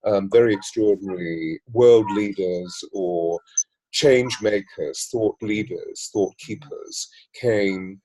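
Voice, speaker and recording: A man with a low, dark, husky voice talks in a measured, flowing way. He answers interview questions and builds his points with long lists and repetitions. His tone is reflective. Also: rough recording. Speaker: voice coach and mystic guest.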